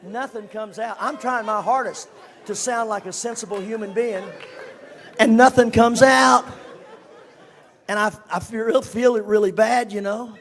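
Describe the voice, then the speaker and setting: An older man gives a testimony to a congregation, sharing a personal story in a high voice at a moderate pace. He's animated, sinking to a whisper for emphasis before building back up, with some chatter audible in the background.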